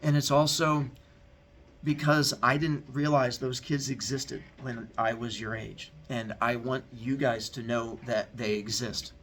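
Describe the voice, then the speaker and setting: A man's voice: mid-range voice, fairly even intonation, a little slow, a bit bright. A male teacher giving a heartfelt, candid talk to his students, telling a personal story in an earnest way.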